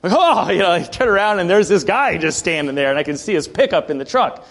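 A male preacher giving a sermon in a conversational storytelling way, often clearing his throat. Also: sits high, lively intonation, fast, fairly bright tone. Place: church building.

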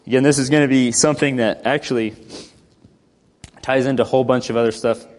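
A man teaching a Bible study in a mid-pitched voice, moving between read-out verses and relaxed explanation. He clears his throat now and then. The room rings with a long reverb. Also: fast. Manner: reads scripture aloud then explains in casual talk, frequent throat clearing.

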